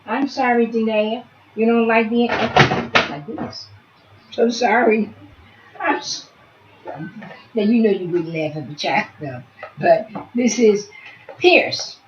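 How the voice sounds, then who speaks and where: A woman who teaches early childhood education, talking through a demonstration and chatting softly to pretend infants as she goes. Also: mid-range voice, muffled recording, background noise.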